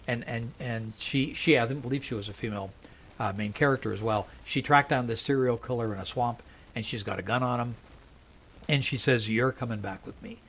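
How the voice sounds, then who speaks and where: In a mid-range voice over slight background noise, a male college professor tells animated stories during a casual podcast interview, frequently breaking off and restarting his sentences.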